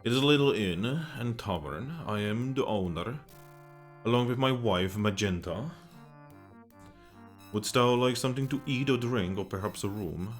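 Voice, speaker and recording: A leering innkeeper with a thick mock Russian accent, voiced by a man. He speaks in stiff, old-fashioned phrases from a low register. Faint game music plays behind him. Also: normal speed, natural voice. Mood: gruff. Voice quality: archaic formal speech.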